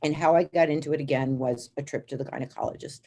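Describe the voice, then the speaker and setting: A woman guest in an interview, telling her story in a lively, animated way and acting out the quotes with big jumps in pitch. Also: quick pace.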